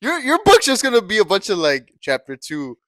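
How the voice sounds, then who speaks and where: A man's voice: sits high, huge pitch swings, brisk, fairly bright tone, no echo. A man co-hosting a podcast in casual chat, teasing his co-host and laughing a lot.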